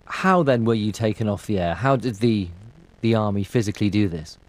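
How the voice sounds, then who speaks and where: A man presenting international news and pressing a guest with crisp questions. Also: lowish voice, lively intonation, fairly quick, no room sound.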